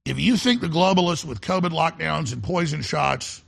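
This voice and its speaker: A man's voice: on the high side, moderate pace, a bit bright. A middle-aged man hosting a talk radio show, speaking in an urgent, intense monologue and often stammering and repeating words as he restarts. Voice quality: gravelly, husky voice.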